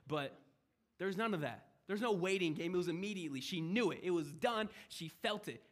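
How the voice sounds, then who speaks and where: A young man with a high voice delivers a sermon in a lively, conversational way. He swings from loud, emphatic lines to quiet, hushed asides. He acts out the voices of people in the story as he goes. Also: fairly quick. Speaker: preacher.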